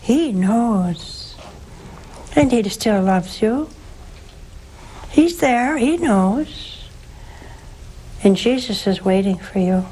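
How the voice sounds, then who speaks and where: An older woman, a nun, preaching and counseling callers on a religious call-in show, slow and emphatic, leaping up in pitch for stress. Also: lively intonation, mellow, slight background noise, low-quality recording.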